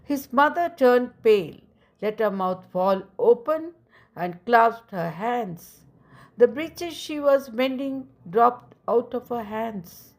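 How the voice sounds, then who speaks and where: Female audiobook narrator, measured storytelling, unhurried pace. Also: a little high, lively intonation.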